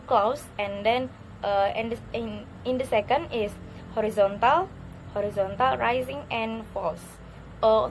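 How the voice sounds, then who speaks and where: Young woman student, fairly high voice, halting with lots of ums, faint noise behind. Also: poor audio. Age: young adult. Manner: halting, with many fillers and restarts. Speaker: English student. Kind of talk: recorded class presentation.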